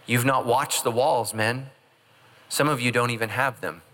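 A man's voice: mid-range voice, steady tone, moderate pace, bright, forceful tone. A middle-aged man preaching a humorous sermon as pastor, joking and acting out quoted voices. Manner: jokey, acts out quoted voices.

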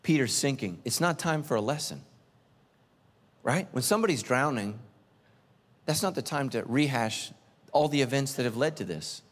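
Animated preacher man in a reverberant hall. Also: moderate pace, pauses often. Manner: animated storytelling, acts out voices, big pitch swings. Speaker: pastor. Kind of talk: sermon. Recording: long reverb of a large hall.

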